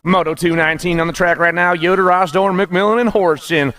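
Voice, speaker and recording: A man calling live races as the announcer, excited and punchy, rattling off names and nicknames. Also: high-pitched, brisk, dry recording. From USA. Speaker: race announcer. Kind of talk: live race commentary.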